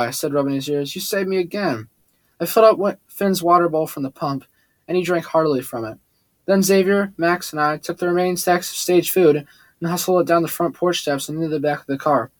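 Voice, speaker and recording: A man's voice: fairly high pitch, dry recording. Man narrating a first-person audiobook. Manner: steady reading with occasional slips and restarts.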